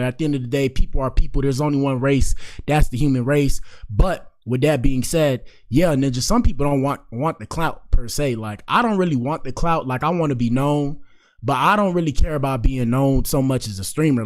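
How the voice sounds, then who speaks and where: A man's voice: medium pitch, brisk. Rambling slangy male streamer. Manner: rambling, slangy, drifts between topics with many fillers. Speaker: streamer host. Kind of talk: casual live-stream commentary.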